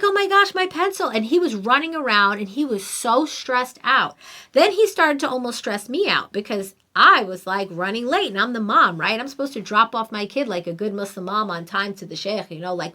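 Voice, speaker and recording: Middle-aged woman podcaster chatting, emphatic and lively, kinda high voice. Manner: animated, emphatic and conversational. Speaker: podcast host. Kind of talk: casual storytelling monologue.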